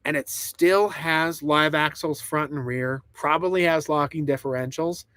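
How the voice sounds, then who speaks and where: A man's voice: a little high, steady tone, a little slow, a bit bright, no room sound. A man rambling and laughing through a casual live stream from inside a truck camper, reading chat comments aloud. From United States.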